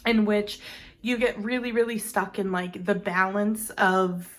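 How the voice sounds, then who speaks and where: A woman's voice: medium pitch, steady tone, measured pace, a bit bright. A woman giving a casual, rambling tarot reading to camera, full of fillers and small laughs at herself. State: has the hiccups. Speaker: tarot reader.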